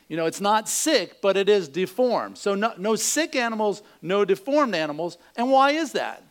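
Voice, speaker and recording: A man preaching a sermon, telling a joke in a folksy storytelling way before teaching from scripture. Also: sits high. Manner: folksy storytelling, acts out voices in jokes. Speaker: pastor.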